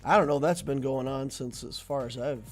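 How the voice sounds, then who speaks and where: A man's voice: mid-range voice, normal speed, soft background music. A man streaming a mobile strategy game, chatting casually and laughing often as he tells stories between turns. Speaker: gaming streamer. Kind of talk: casual gameplay commentary and chat.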